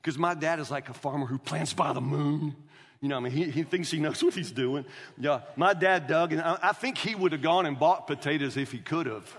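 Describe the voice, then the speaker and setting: High, bright preacher telling a story. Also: male voice, a little fast. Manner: animated storyteller, addresses the crowd as y'all. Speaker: pastor. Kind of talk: sermon storytelling. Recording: reverberant hall.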